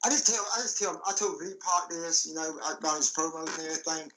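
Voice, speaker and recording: A man's voice: a little high, fast, background noise. Rambling male podcast host. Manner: rambling, stumbling restarts. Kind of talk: casual podcast chat.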